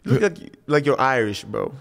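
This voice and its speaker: A man hosting a podcast, chatting casually with lively, stammering restarts. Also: medium pitch, a little fast, gravelly. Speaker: podcast host.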